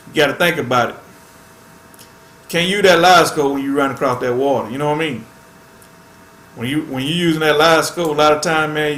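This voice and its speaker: A man's voice: medium pitch, a bit bright, reverberant, a little hiss or hum. A man hosting a fishing channel, chatting casually to viewers in a laid-back way and tacking "man" onto nearly every phrase.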